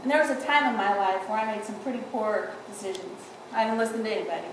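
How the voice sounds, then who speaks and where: Talking fast in a medium-pitched voice, a woman tells stories at a funeral as her grandmother's adult granddaughter. The eulogy is tearful but humorous, and she laughs often. Recorded from far off in a big, echoey church, there is slight background noise.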